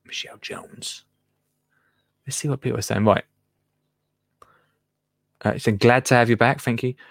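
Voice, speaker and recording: Chatty English radio host, dry sound. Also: male voice, mid-range voice, steady tone, normal speed, vocal fry, no room sound. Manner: chatty, rambling, laughs often, drops to mutters. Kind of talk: casual live show chat reading comments.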